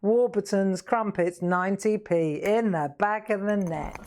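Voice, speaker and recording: A woman's voice: medium pitch, a little slow, a little mellow. A middle-aged woman chatting casually to viewers while crafting live, laughing often. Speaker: craft livestream host.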